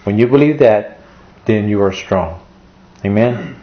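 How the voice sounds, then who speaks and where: A man's voice: on the low side, expressive, unhurried, highs cut off. A male pastor preaching an emotional sermon, repeating his points and reading scripture aloud.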